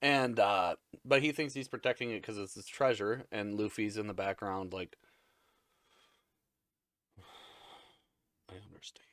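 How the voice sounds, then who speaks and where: A man's voice: lowish voice, moderate pace, hardly any pauses, a bit bright, dry recording, clean studio sound. A man hosting a casual episode recap, rambling, crude and jokey. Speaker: anime recap host.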